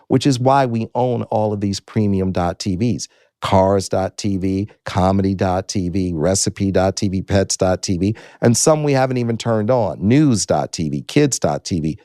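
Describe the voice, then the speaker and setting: A man in his sixties from the United States tells his story as a guest in an interview. His voice sits low and mellow, and he hammers home each point by repeating it. The sound is close and dry. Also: no echo. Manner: emphatic, repeats key phrases.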